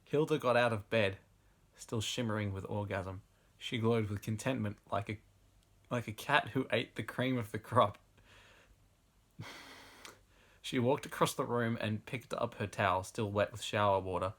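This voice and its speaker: Low-voiced young man reading aloud. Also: normal speed, pauses often, a bit bright. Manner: laughs through the reading, casual asides. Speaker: host reading fan fiction aloud. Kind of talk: comic dramatic reading with asides.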